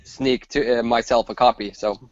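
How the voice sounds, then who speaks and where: A man with a middle-pitched voice talks games in a casual podcast, emphatic and quick to repeat himself. His audio is dull and lo-fi, like an online call. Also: fairly even intonation. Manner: emphatic, repeats words, laughs often. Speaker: podcast co-host. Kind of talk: casual gaming chat.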